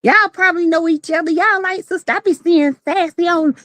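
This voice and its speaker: A woman's voice: extremely high pitch, fairly quick, a bit bright, no room sound. A woman in casual live-stream chat, sassy and playful, teasing and greeting viewers by name.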